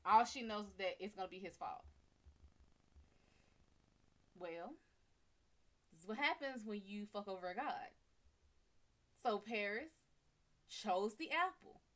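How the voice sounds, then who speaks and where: A woman host retelling a myth on a livestream in a slangy, profane, animated way. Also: medium pitch, unhurried, long pauses. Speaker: psychic reader and host. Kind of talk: casual livestream storytelling.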